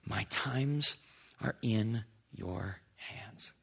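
A male pastor preaching a sermon, swinging between emphatic lines and hushed, slow passages as he reads scripture. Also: mid-range voice.

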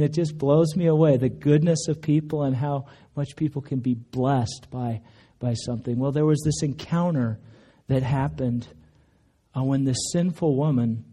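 A man preaching a sermon in church, telling stories conversationally and acting out quotes. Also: mellow. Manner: conversational storytelling, acts out quotes with raised pitch. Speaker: pastor. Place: church sanctuary.

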